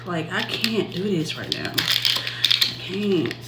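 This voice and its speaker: A woman's voice: on the low side, lively intonation, takes it slowly, reverberant, very noisy. A stressed woman vlogging to her camera at home, swearing and dropping to a half whisper at times. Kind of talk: self-filmed home vlog.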